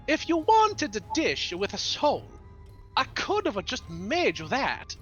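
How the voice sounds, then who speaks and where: A man's voice: very high-pitched, huge pitch swings, slow pace, fairly bright tone, highs cut off, faint music behind, pitched above the performer's own voice, exaggerated voice. A man voicing a short, proud mobster chef who serves demon lords, with theatrical mock-Italian flourish.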